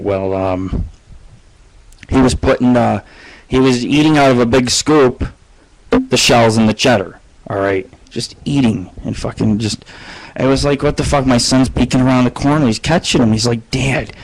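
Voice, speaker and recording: On his own internet radio show, a man with a mid-range voice delivers a casual, rambling monologue of profane stories. The recording quality is low.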